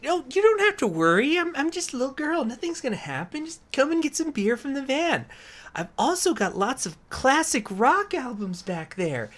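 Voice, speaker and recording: A man putting on the voice of a sly little girl coaxing a stranger toward a van, in a sing-song, wheedling falsetto. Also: big pitch swings, moderate pace, a bit bright, exaggerated voice.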